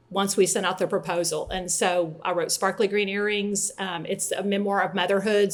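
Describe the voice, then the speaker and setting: A woman in her fifties, a guest author in a casual interview, telling her story candidly with lots of fillers. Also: mid-range voice. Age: 50s.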